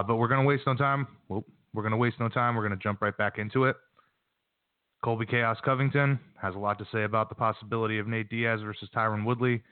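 A man's voice: on the low side, dry recording. A man hosting a fight-sport talk show, chatting casually and rambling a little as he corrects himself. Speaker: podcast host. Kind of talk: casual chat. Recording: tinny phone-like line.

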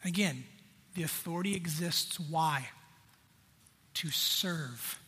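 A man's voice: a little high, slow pace, pushed and bright, breathy edge, in a large hall. A man preaching a sermon, talking conversationally and addressing the congregation directly. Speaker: pastor.

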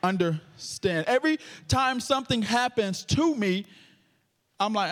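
A man's voice: sits high, animated, unhurried, a bit bright. A man preaching a sermon with a stutter, joking playfully with the congregation. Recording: long hall reverb.

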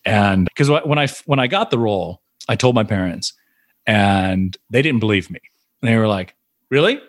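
A man, an actor, telling anecdotes in a casual interview, animated and laughing often. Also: fairly low pitch, moderate pace, dry recording, clean studio sound. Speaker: actor, guest.

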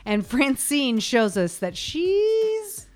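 A middle-aged woman co-hosting a comedy podcast with wry, quick banter and an upbeat announcing delivery. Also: high-pitched, very animated, darkish tone, soft background music. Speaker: podcast co-host.

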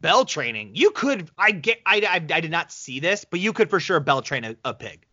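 A man's voice: on the high side, moderate pace, no echo, lo-fi sound. A man co-hosting a podcast in casual chat, telling stories animatedly and slipping into voices. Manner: animated storyteller, slips into voices. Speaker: podcast co-host.

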